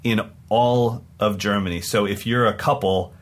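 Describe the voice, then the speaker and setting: A man co-hosting a podcast, telling stories in an excited, rambling way in casual chat. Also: on the low side, moderate pace. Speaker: podcast co-host and touring drum clinician.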